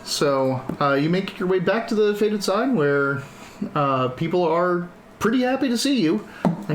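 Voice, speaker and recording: A man's voice: sits high, lively intonation, moderate pace, reverberant, slight background noise. Laughing man running a tabletop game. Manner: laughs easily, rambling with fillers. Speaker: dungeon master. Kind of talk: casual tabletop game narration.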